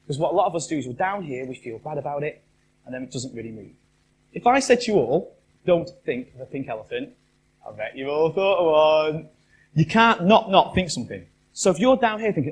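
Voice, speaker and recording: A man's voice: fairly high pitch, animated, brisk. A man speaking to a live audience in a raised voice that swoops up and down. He talks in a chatty way and keeps asking the room questions. A faint hum sits behind him. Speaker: motivational speaker. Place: live event venue.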